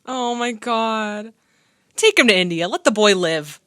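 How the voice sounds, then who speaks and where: A woman hosting a movie reaction video, excitable and laughing, talking back to the screen in casual commentary. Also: a little high, measured pace.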